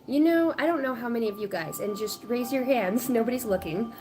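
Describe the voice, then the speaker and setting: A woman in her late thirties chatting casually on a spiritual livestream, rambling and animated, often laughing. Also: a little high, fairly quick, soft background music. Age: 30s. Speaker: spiritual reader.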